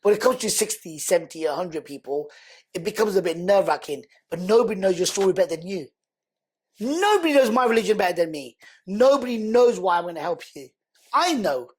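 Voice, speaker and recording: A man, a podcast guest telling personal stories in an animated way and acting out what other people said. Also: sits high, a little fast, slightly rough. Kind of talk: emotional storytelling in conversation.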